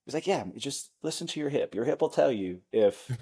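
A man's voice: medium pitch, expressive, fairly quick, mellow, breathy edge. A man in his forties, a guest on a podcast, telling rambling, self-mocking anecdotes in a casual way. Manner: rambling anecdotes, restarts, laughs at himself. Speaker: podcast guest, former NFL lineman. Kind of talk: casual storytelling in an interview.

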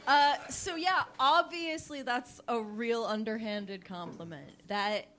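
A woman comedian bantering on a live comedy stage, quick and sarcastic with halting restarts. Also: a little high, a bit bright. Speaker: comedy debate contestant. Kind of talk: stand-up style banter.

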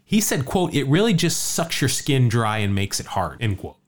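A man hosting a laid-back podcast, telling a baseball story with lots of jokes. His pitch swings widely as he talks. He often repeats himself and restarts sentences. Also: very animated, moderate pace. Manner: chatty, jokey, stumbles and repeats words. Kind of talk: casual podcast chat.

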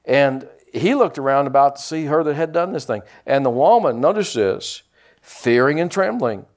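A middle-aged man preaching a sermon, lively with teasing humor and asides. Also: mid-range voice, normal speed. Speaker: pastor.

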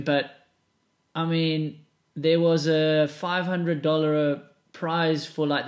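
A man with a South African accent hosts a podcast in loose, laughing conversation. He tells anecdotes with an easy, conversational flow. His voice sits a little high for a man. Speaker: podcast host. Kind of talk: casual chat.

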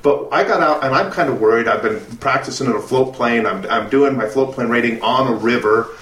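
A man telling a lively story on a casual aviation podcast, laughing and restarting as he goes. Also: medium pitch, fairly quick, reverberant. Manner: animated storyteller, restarts and laughs through lines. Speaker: podcast co-host.

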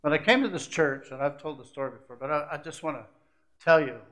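Preaching fast in a slightly high voice, this middle-aged pastor swings between booming high points and hushed, personal asides during his sermon.

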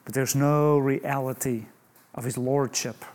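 Slow, emphatic man preaching a sermon. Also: mid-range voice, steady tone, a little mellow. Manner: emphatic, with rhetorical questions and humorous asides.

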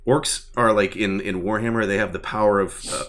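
A man chatting casually and excitedly about a tabletop game, rambling with lots of fillers. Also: lowish voice, a little fast, crowd noise. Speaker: tabletop gaming enthusiast. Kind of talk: casual chat.

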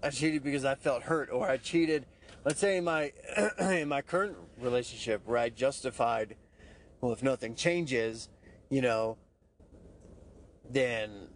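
A man's voice: mid-range voice, slight background noise. Candid, profane man in a personal monologue. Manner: candid, profane, self-mocking, frequent "right?" asides. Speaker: podcast host.

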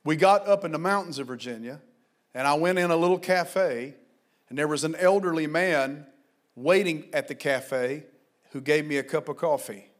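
A man preaching a sermon as pastor, fervent and exhorting, at times shouting and at times telling stories quietly. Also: a little high, normal speed.

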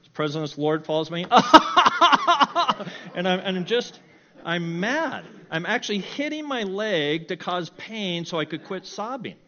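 A middle-aged man telling a personal story in a sermon, animated and self-mocking, often breaking into laughter. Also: high voice, moderate pace, muffled recording. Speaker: preacher.

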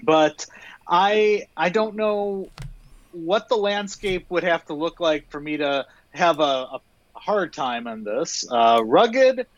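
A man co-hosting a casual tech podcast, speaking in a thoughtful, measured way with frequent fillers. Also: on the high side, expressive, no room sound, highs cut off. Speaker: podcast co-host.

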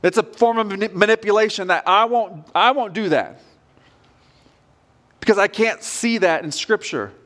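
A male pastor preaches a sermon in an earnest, direct, conversational way. His voice is high and bright-toned, with lively intonation and a moderate pace.

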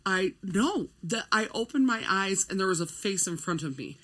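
Giggly rambling young woman, bright voice. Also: medium pitch, animated, moderate pace. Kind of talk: casual storytelling chat.

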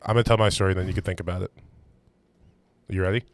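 Brief: man, low voice, rapid casual storyteller, swears freely, dry sound. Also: fairly even intonation, no echo. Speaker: podcast co-host. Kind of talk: casual chat.

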